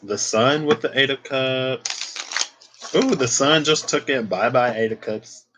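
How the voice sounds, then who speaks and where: A man's voice: mid-range voice, slow, noisy background. Chatty man giving a tarot reading. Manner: chatty, lots of "like" and playful asides. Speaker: tarot reader.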